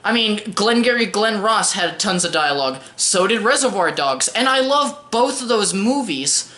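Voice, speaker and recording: A woman's voice: mid-range voice, animated, moderate pace, a bit bright. A young woman giving a casual spoken film review in a wry, sarcastic way, often restarting her sentences. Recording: roomy echoey room.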